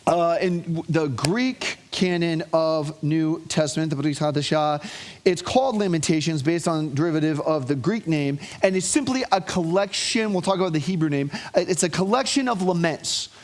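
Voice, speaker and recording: High-voiced man preaching a lively sermon. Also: moderate pace. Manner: animated storytelling with call-and-response. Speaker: pastor.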